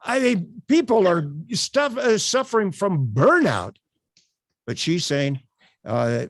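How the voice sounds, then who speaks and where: A man's voice: on the high side, slow, no room sound, studio quality. A man leading an online workshop as its instructor, talking emphatically with many "uh" fillers. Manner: animated, emphatic, with frequent uh fillers. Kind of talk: live online workshop teaching.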